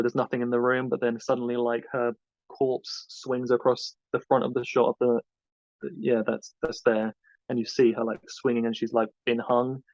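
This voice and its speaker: A man's voice: medium pitch, darkish tone, no room sound. A man rambles through his answers with a level, unvaried delivery. The recording is dull, lo-fi and very dry, with no room sound at all. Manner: rambling, loose and hesitant. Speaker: podcast co-host being interviewed. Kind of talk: casual interview answers.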